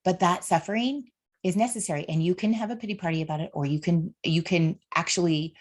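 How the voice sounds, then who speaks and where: A woman's voice: on the low side, brisk. A woman in her thirties hosting a solo podcast, talking earnestly and heartfelt with faith-based encouragement aimed straight at her listeners. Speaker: podcast host. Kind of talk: solo motivational podcast monologue.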